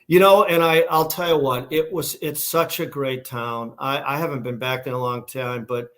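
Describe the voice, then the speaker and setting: A man's voice: medium pitch, steady tone, moderate pace, fairly bright tone. A middle-aged man from Massachusetts with a Boston accent, telling stories as a company founder in a casual interview, rambling with fillers and restarts. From Massachusetts, USA. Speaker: guest, shoe company founder.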